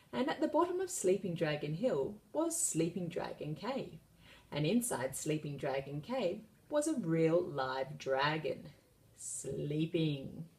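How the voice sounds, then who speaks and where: A woman reads a children's picture book aloud with lively, expressive narration. Her pitch swoops up and down as she tells the story.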